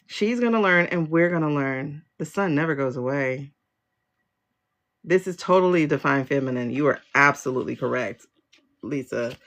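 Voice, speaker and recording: A woman hosting a live tarot reading, talking to her viewers in an emotional, exclamatory way over a phone livestream. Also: sits low.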